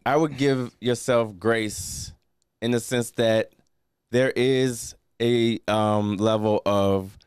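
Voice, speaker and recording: A man guesting on a comedy podcast, listening supportively and talking in a measured, encouraging way. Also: on the low side, fairly even intonation, darkish tone, clean tone, no echo, studio quality. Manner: slow, measured, encouraging listener with many agreeing yeahs. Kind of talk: casual chat.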